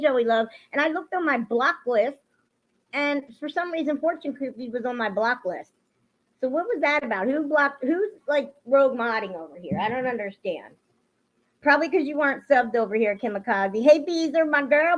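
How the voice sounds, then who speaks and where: A woman hosting a casual livestream, greeting viewers by name and venting bluntly with plenty of swearing. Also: high voice. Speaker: livestream host. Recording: dull lo-fi stream audio.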